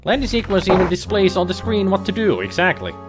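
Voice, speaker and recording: Lively-voiced man commenting on a game. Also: sits high, quick pace. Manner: chatty, jokey, mutters asides. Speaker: let's play host. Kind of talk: casual gameplay commentary. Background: faint game music.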